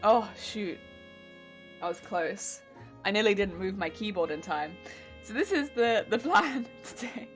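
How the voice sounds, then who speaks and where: A woman streamer chatting casually with her live chat while crafting, laughing often, her weak voice cracking when her pitch changes. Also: lively intonation, unhurried, faint music behind. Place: home crafting stream setup.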